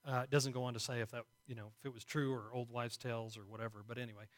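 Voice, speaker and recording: A man's voice: medium pitch, flat delivery, rapid-fire. A man preaching a sermon to a congregation in a conversational way, often asking them questions. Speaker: pastor.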